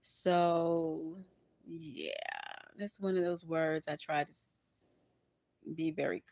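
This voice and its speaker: An older woman reading tarot on a livestream, expressive and preachy, often laughing and calling her listeners honey and baby. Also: sits low, slow pace, no echo. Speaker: tarot reader.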